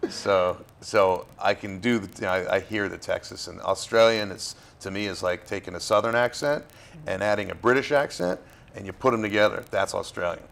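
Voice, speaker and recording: Deep-voiced man from Florida. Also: normal speed, gravelly. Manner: relaxed, rambling with fillers and restarts. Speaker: actor, guest. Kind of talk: casual interview.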